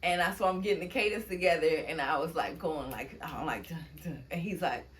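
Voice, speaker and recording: Chatty woman with AAVE, lower voice. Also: brisk, fairly bright tone. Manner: chatty storyteller, laughs often, acts out quotes. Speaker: poet and guest. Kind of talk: casual interview chat.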